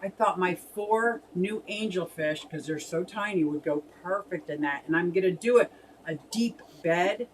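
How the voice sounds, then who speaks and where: A woman's voice: fairly low pitch, moderate pace, distant mic, slight background noise, low-quality recording. A woman co-hosting a casual fish hobby live stream, chatting and laughing as she reads out viewer comments.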